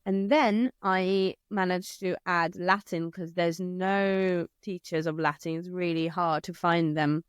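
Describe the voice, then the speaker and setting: An Italian-accented woman talks in a relaxed interview, telling lively stories and acting out voices. Her voice sits a little low and sounds smooth and clear. The recording is dry and close. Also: slow pace, hardly any pauses, dry recording. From Italy. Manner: lively storyteller who acts out her children's voices. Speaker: interview guest, language teacher. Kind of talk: casual conversation.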